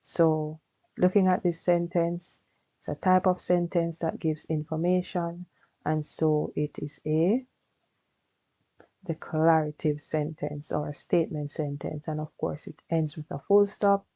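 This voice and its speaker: A woman teaching English grammar at a slow, deliberate pace, with a low, gravelly voice. She explains patiently and often checks in with "all right". The recording sounds a little dull and lo-fi. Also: fairly even intonation, dark tone. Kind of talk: grammar lesson.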